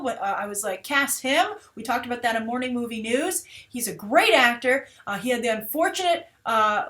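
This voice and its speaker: A woman hosts a trailer review in relaxed, chatty commentary. Her voice sits a little high and she talks animatedly, scattering fillers as she goes. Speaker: host of a movie trailer review show. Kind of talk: casual commentary.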